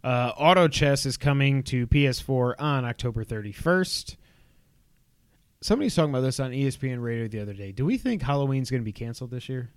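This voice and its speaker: A man's voice: mid-range voice, animated, fast talker, clear, resonant tone, dry recording. A man co-hosting a casual podcast, reading through gaming news with wry asides. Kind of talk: casual chat.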